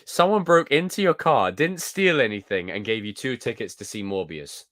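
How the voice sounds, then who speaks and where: A young British man hosting a casual live stream, reading viewer comments and reacting in a jokey, animated way. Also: medium pitch, moderate pace. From United Kingdom. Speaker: livestream host.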